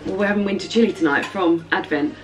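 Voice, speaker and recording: A woman's voice: medium pitch, quick pace. A woman chatting casually at home in a book vlog. She rambles a little and says um often. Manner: chatty and rambling, with many ums. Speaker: book vlogger.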